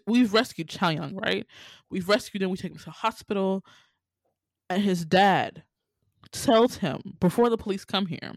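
A woman hosts a casual recap chat, talking in an animated way and slipping into quick impressions of the characters. Her voice sits in the middle of the pitch range. The recording is dry and close, with almost no room sound. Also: dry recording. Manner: animated, acts out character lines. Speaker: podcast co-host.

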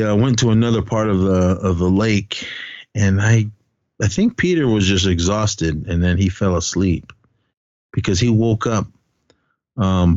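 Man, podcast host, rambling movie recap, low voice, dry dull lo-fi sound. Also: darkish tone, dry recording. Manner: rambling, halting retelling with fillers. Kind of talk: casual film recap.

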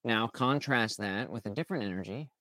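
Male host, motivational talk, acts out little voices, crisp tone, no room. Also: lowish voice, fairly quick, no echo. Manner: animated, acts out imagined people's lines.

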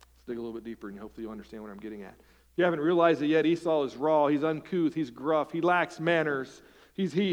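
A man, the pastor, preaching a sermon in church, animated, swinging between loud emphasis and hushed, quiet asides and asking rhetorical questions. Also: on the high side. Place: church sanctuary.

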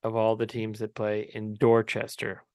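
A man hosting a podcast in casual chat, playful and teasing, quick to laugh. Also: on the low side, monotone, a little mellow, no room sound. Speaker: podcast host. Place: podcast studio.

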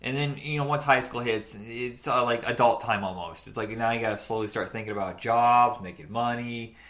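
A man's voice: mid-range voice, fairly quick, fairly bright tone. A man in his forties co-hosting a podcast, chatting casually and rambling about old cartoons, laughing easily. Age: 40s. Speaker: podcast co-host.

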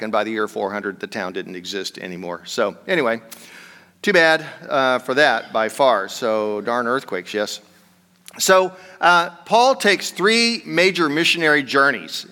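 Man pastor, bright-toned voice, conversational rambling sermon, long hall reverb. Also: mid-range voice, smooth.

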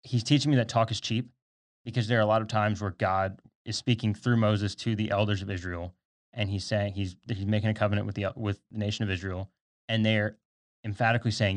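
A man's voice: fairly low pitch, steady tone, a little fast. A young man in his twenties, a podcast co-host in a studio, chatting casually about faith and explaining at length with side notes.

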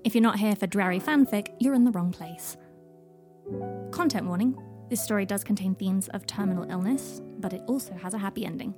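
A woman hosting her own podcast, reading her own story aloud in a calm, even manner. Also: medium pitch, fairly quick, over music. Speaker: podcast host and fanfic reader.

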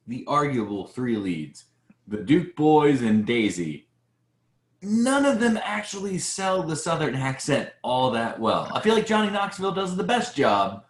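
Animated man in an echoey room. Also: on the high side. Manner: animated, quick interjections and fact checks. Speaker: podcast co-host. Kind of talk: casual movie review chat.

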